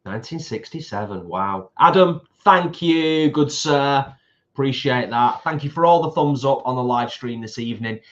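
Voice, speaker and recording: A man's voice: medium pitch, normal speed. Chatty british guy reading out comments, laughs a lot, kinda dull lo-fi sound. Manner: chatty, reads out viewer comments, laughs easily. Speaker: co-host of a live stream. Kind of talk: casual live stream chat.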